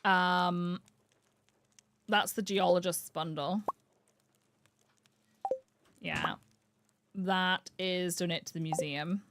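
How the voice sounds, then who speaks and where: A woman streamer from the UK chatting casually while she plays, thinking aloud and cooing brightly at the game's animals. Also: on the low side, steady tone, extremely slow, pauses often, a little hiss or hum. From United Kingdom. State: has the hiccups. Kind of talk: casual live-stream gameplay chat. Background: game music.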